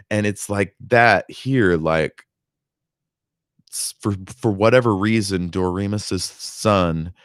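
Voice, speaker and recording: A man's voice: low voice, fairly bright tone, no room sound, clean studio sound. A man giving casual, rambling commentary on a book, swearing freely. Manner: rambling, profane, full of fillers and restarts. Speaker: reader and commentator.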